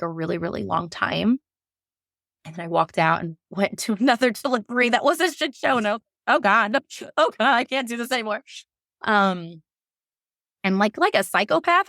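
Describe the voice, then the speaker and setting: A woman shares a hard personal story with raw candor, rambling and restarting as feelings surface. Her voice carries a gravelly fry. The sound is close and dry, with no room around it. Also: medium pitch, dry recording. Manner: emotional, frank, rambling with restarts; slips into animated voices when quoting herself. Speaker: podcast guest, labor and delivery nurse.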